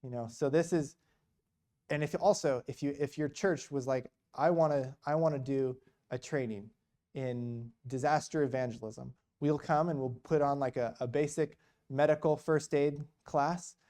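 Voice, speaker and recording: A man's voice: medium pitch, steady tone, moderate pace, warm tone. A man speaking as a missionary guest at a church, telling a story in a casual, rambling way with lots of retold conversation. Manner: rambling, retells conversations with many quotes.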